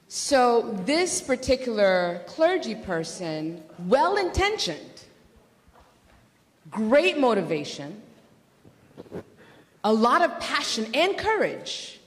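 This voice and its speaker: A woman giving a measured lecture in a lecture hall and repeating phrases for emphasis. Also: fairly high pitch, big pitch swings. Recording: reverberant hall.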